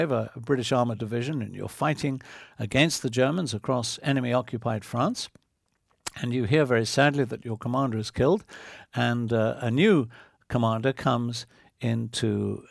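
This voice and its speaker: A man's voice: mid-range voice, vocal fry, no room sound, studio quality. A man preaching a sermon, earnest and driving his point home with vivid hypothetical scenarios.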